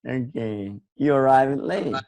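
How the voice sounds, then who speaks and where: A man's voice: medium pitch, takes it slowly, dark tone, no room sound, poor audio. Encouraging male teacher online. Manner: encouraging, repeats words while searching for them. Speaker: English teacher hosting an online class. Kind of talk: online lesson.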